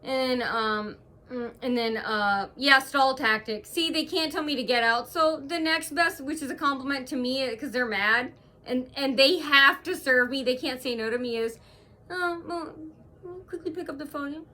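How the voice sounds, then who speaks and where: Bright-voiced woman, rambling aggrieved vlog. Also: sits high, moderate pace. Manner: rambling, aggrieved retelling full of hesitations. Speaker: vlogger. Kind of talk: casual to-camera vlog monologue.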